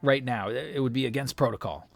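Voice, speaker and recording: A man's voice: mid-range voice, fast, gravelly. A man voicing an exasperated male imperial officer who stammers and hurries through protocol. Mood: flustered.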